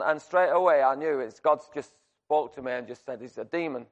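A man preaching a sermon, telling a personal story in a conversational, animated way with many restarts. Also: medium pitch, brisk, muffled recording. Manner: shouts to act out screaming.

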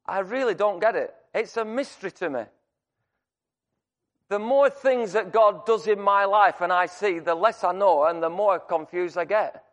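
A man's voice: high voice, moderate pace. A man preaching a sermon, emphatic and repeating his key phrases for the congregation. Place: church. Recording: long reverb church hall.

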